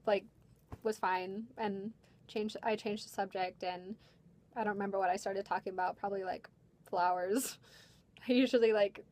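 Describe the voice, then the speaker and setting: A young woman who performs as a party princess, talking casually in a vlog, chatty, with frequent light laughs. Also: mid-range voice.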